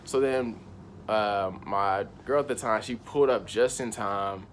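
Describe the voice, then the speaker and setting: A man's voice: lowish voice, a little slow, a little hiss or hum. A young man casually telling a personal story in slangy, rambling speech. He circles back on himself and keeps repeating "I was like.". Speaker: channel host.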